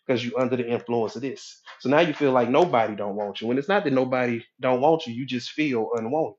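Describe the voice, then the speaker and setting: A man's voice: mid-range voice, fairly quick, hardly any pauses, lo-fi sound. A man as a hypnotherapist and life coach giving a motivational talk, preachy and conversational, often checking in with his listeners.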